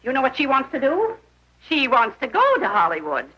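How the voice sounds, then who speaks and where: An actress playing a disapproving middle-aged aunt who scolds and complains, in a 1930s film. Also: female voice, high-pitched, wildly swooping pitch, brisk, husky, heavily acted. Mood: scolding. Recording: muffled 1930s film soundtrack.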